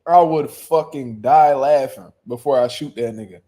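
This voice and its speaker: A young man hosting a boxing show, chatting in loud, profane, joking banter and often laughing. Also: medium pitch, moderate pace. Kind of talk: casual chat reacting to live chat.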